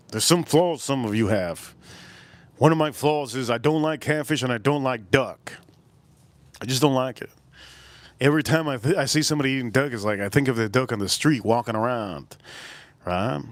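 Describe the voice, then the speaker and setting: A man's voice: medium pitch, normal speed, dry recording. A man hosting a livestream, telling a story in a blunt, profane, rambling way with lots of repeats. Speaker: livestream host.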